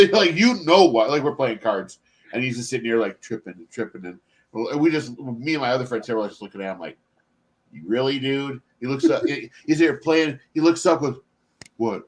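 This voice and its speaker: A man's voice: mid-range voice, expressive, brisk. A man hosting a painting stream, chatting casually, swearing and laughing often. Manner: laughs a lot, swears freely. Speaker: stream host. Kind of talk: casual chat.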